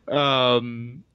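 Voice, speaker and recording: A man's voice: mid-range voice, bright, forceful tone, clear, resonant tone, no room sound, dull audio. A man co-hosting a podcast, chatting casually and rambling with frequent laughs. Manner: laid-back, rambling, laughs often. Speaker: podcast co-host. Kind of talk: casual book discussion chat.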